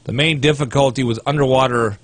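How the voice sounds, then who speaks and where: A man's voice: medium pitch, fairly even intonation, fairly quick, dry recording. A man co-hosting a casual talk show, reading news articles aloud with sarcastic asides. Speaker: co-host.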